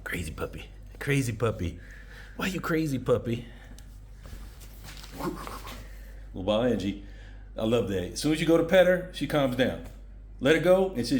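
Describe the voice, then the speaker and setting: A man vlogging in a casual, candid, rambling way, sometimes talking to a puppy. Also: medium pitch. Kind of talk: casual vlog talk. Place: Thailand, indoors and out. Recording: noisy street ambience.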